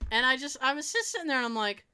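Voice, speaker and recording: A woman chatting casually, telling an animated story, laughing often and acting out the people she quotes. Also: high voice, quick pace, background noise.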